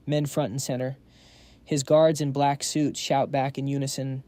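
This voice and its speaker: Man, recap narration, mellow, dry sound, steady storytelling. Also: medium pitch, normal speed, no echo.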